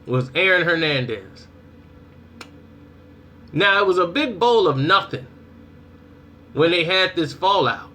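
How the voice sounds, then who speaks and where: Brief: young adult male vlogger, casual commentary, animated delivery, bright and slightly high voice. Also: slow, long pauses. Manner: animated storytelling, acts out reactions.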